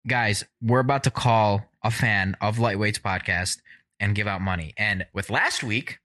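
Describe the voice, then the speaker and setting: A young man co-hosting a podcast in casual chat. He is excitable, swears freely and bursts into laughter. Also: on the low side, a little slow. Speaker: podcast co-host.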